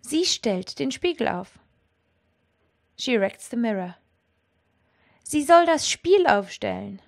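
A woman teaching a language lesson, explaining clearly and with lively energy. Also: medium pitch.

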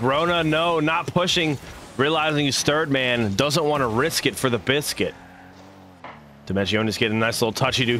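Young male stream caster, playful and silly, bright tense tone, live commentary. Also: mid-range voice, slight background noise. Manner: playful, silly made-up words, chats with viewers.

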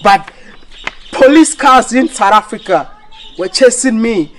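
A man's voice: extremely high pitch, lively intonation, measured pace. A man vlogging to camera in an indignant, repetitive rant, often restarting his sentences. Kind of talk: ranting vlog to camera.

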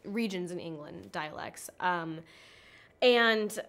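A woman's voice: on the low side, takes it slowly, a bit bright. A young American woman from California chatting in a press interview, full of "like" and "um". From California, USA. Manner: chatty, filler-heavy with frequent "like" and "um". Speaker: interviewed actress.

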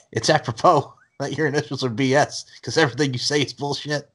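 A man's voice: medium pitch, steady tone, a little fast, fairly bright tone, husky. A man hosting a podcast, bantering and teasing his guest in casual chat. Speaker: podcast host.

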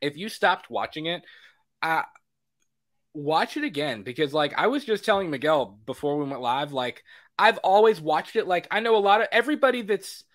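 A young man co-hosting a casual chat show, animated, swearing, acting out his own reactions. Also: fairly high pitch, normal speed. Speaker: podcast co-host.

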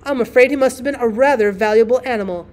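A woman voicing an eager, apologetic young gentleman motorist in an audiobook, earnest and hurried. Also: a little high, lightly acted. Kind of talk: audiobook character reading.

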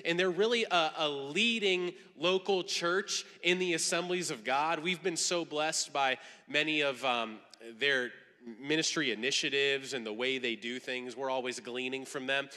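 A man from the church introducing the guest pastor from the stage with warm praise. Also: a little high, normal speed. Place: church sanctuary. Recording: long hall reverb.

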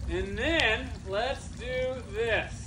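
A man's voice: very high-pitched, drawn-out words. A man telling a Bible story to a youth club and having his listeners act it out and repeat lines. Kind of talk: animated Bible storytelling with audience acting parts. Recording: noisy crowd room. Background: crowd of teenagers echoing and laughing.

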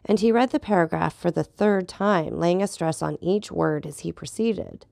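A woman narrating an audiobook of a classic novel aloud with steady, even storytelling. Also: on the low side, normal speed, gravelly, few pauses, no echo, studio quality.

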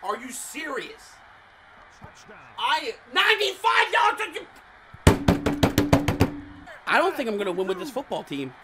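A man doing casual, slangy commentary over a football video game, muttering low one moment and shouting with excitement the next. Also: measured pace, pauses often, noisy background. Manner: casual slangy trash talk. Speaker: gaming channel host. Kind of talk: live gameplay commentary.

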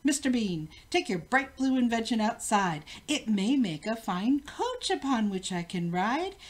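An older woman voicing a cheerful, impulsive old king in a read-aloud storybook, with a hearty, booming manner. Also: sing-song, unhurried. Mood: pleased.

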